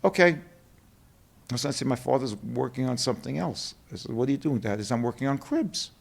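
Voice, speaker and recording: Middle-aged man, New York accent, gravelly voice, lively storyteller who acts out the quotes. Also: medium pitch, quick pace. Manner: animated storyteller acting out quotes. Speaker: guest, company co-president. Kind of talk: storytelling interview.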